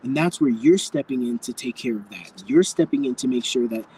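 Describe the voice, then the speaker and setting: A man's voice: mid-range voice, expressive, a little fast, mellow, breathy edge, poor audio. A man giving a live tarot reading to viewers, speaking frankly and campily, calling people darling and swearing freely. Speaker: tarot reader.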